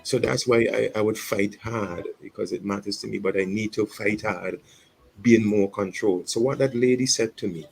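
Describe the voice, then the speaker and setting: Gravelly earnest pastor on radio. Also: male voice, on the low side, steady tone, moderate pace, darkish tone, faint music behind, rough recording. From St Vincent and the Grenadines. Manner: earnest and reflective, repeats words and phrases. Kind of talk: radio talk, public apology. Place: radio studio.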